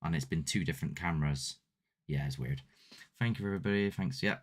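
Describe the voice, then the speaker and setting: Rumbling low and brisk, a man hosting a paranormal channel chats with his live-stream viewers. His talk is casual, a bit rambling, and self-deprecating, captured on a desk mic alongside a ring light.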